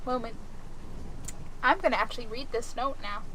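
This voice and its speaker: A young woman streaming and chatting casually with her viewers, giggly and rambling, swinging between excited and chill. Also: on the high side, normal speed, pauses often, a little hiss or hum, low-quality recording. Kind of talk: casual chat with live chat.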